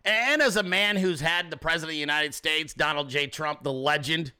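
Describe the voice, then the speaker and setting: A man's voice: a little high, brisk, pushed and bright, clear, resonant tone. A man hosting a podcast, talking in a casual, profane, joking way and often mimicking other people. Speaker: podcast host. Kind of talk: casual political commentary.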